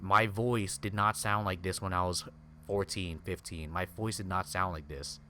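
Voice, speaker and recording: Young man, streamer, rambling slangy chat, lowish voice, faint background hiss. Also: fairly even intonation, moderate pace, sharp tone. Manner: rambling, slangy, peppered with "dude" and "like". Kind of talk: casual gameplay chat.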